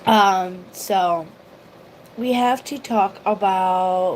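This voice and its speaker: A woman's voice: mid-range voice, slow pace, noisy background. A woman vlogger chatting casually on a livestream, rambling emotionally and greeting viewers by name. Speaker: YouTube vlogger.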